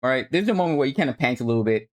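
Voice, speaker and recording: A man's voice: medium pitch, expressive, very fast. A young man at home, streaming and reviewing gameplay footage in a laid-back, coaching tone that swears casually. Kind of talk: casual commentary.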